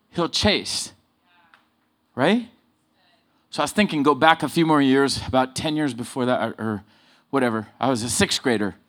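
Male preacher, somewhat high voice, animated storytelling sermon with punchy emphasis. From Southern California. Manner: animated, swings from loud emphasis to low asides. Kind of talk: sermon with personal stories.

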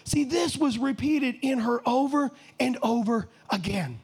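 Very high-voiced preacher, rising to shouts. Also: male voice, measured pace, slightly rough. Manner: impassioned, rising to shouts, rhetorical questions to the congregation. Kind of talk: sermon.

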